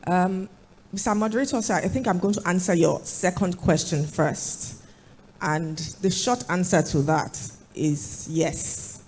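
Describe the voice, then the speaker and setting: Hoarse woman panelist, low mellow voice. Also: slight background noise. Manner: measured, rephrases and builds points. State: hoarse, recovering from flu. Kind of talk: panel discussion answer. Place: conference hall.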